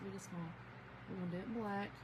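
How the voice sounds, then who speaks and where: A woman's voice: medium pitch, fairly even intonation, very fast, slight background noise, rough recording. Chatty Southern woman livestreaming crafts. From Georgia, US South. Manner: chatty, folksy, laughs often, talks straight to viewers. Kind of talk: casual livestream chat.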